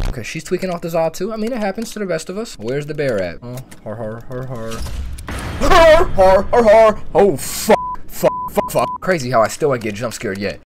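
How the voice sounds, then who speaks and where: A young man streaming a game, trading profane jokes with his viewers in a lively, swooping voice that keeps jumping into panicked screams. Keyboard clicks and typing sit audibly under his voice in a noisy recording. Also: medium pitch. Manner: joking, profane banter with viewers; breaks into loud panicked screams. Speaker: gaming streamer. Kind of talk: let's play commentary.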